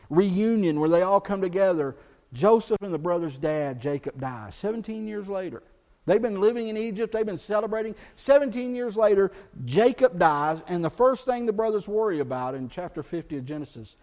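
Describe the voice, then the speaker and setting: A male pastor preaching a sermon in church, earnest, rising for emphasis and dropping low and soft on key points.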